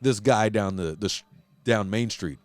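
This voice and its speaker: A man hosting a casual podcast chat, telling a story in a profane, animated way and acting out quotes. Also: on the low side, moderate pace, no echo. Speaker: host. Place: Huntington Beach, California.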